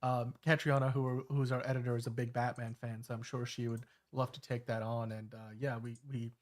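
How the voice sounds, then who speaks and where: A man's voice: mid-range voice, little pitch movement, brisk. A man in his thirties hosting a casual podcast chat, talking in a rambling way with many fillers and restarts. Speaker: show host.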